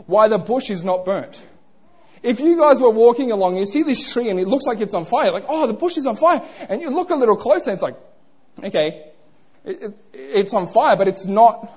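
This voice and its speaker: Young male preacher, husky voice with a very lively pitch, playful and chatty with his congregation. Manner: playful, interactive, asks the crowd questions. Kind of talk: sermon.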